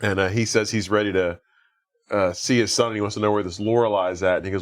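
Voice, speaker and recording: A man's voice: on the low side, fairly even intonation, fast talker. Man casually recapping a movie. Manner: rambling recap with acted-out quotes and laughs. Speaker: podcast host.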